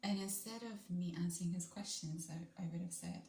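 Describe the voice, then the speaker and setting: A woman vlogger chatting casually to her viewers, often dropping into hushed whispered asides. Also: fairly low pitch, fairly quick. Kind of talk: casual reaction chat. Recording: roomy room with faint background noise.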